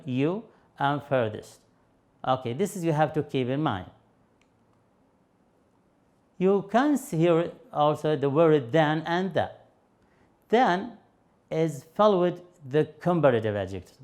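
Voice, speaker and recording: Slow, patient Arabic-accented male teacher. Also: a little high, lively intonation. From Yemen. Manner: slow, patient explaining with fillers and repeated examples. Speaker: English teacher. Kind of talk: TV grammar lesson.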